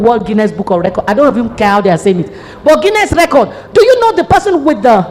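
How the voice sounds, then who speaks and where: A middle-aged Nigerian woman pastor preaching a sermon, telling a story and acting out the dialogue. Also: high voice. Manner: animated storytelling with acted-out dialogue. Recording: long hall reverb.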